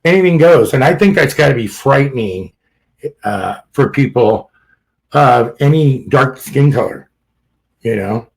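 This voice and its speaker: A man's voice: mid-range voice, expressive, a little slow, vocal fry, pauses often, rough recording. A man hosting a podcast in casual political chat, blunt and rambling, swearing freely and laughing at his own jokes. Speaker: podcast host.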